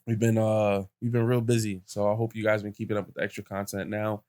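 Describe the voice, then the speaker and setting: A man's voice: on the low side, flat delivery, quick pace, darkish tone. A young man hosting a podcast, retelling a story in casual chat, full of fillers and quoted voices. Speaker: podcast host.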